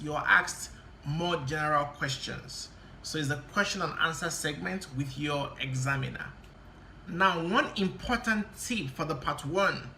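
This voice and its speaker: An exam-prep tutor giving a spoken lesson to camera, speaking deliberately and stressing key words while laying out tips step by step. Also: medium pitch, pushed and bright, slight background noise. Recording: roomy echo.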